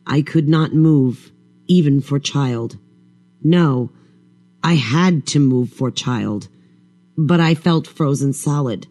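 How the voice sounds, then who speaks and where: Slow, measured male storyteller. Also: on the high side, darkish tone. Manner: slow, measured, brooding delivery. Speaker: audiobook narrator. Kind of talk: first-person horror narration.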